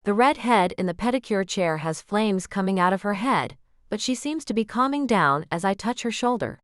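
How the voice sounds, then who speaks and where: A woman narrating a romance audiobook in a gentle, expressive first-person style. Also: mid-range voice, normal speed, no room sound, clean studio sound. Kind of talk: scripted narration.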